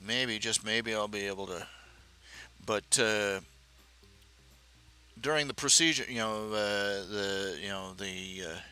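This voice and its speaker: A middle-aged man hosting a live stream, talking casually and haltingly with many fillers and restarts. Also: lowish voice, pushed and bright, smooth, soft background music.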